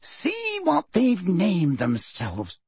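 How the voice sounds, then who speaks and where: A man's voice: high-pitched, big pitch swings, unhurried, a bit bright, husky, dry recording, voice pushed up, full character voice. A man reading an audiobook, voicing a pompous middle-aged male minister who blusters and quivers with delight. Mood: shocked.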